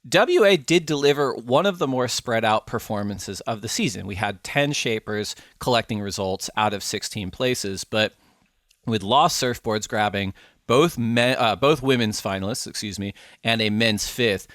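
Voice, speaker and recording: A man hosting a ranking segment, with a steady, scripted delivery. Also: lowish voice, moderate pace, no echo, clean studio sound. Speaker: show host.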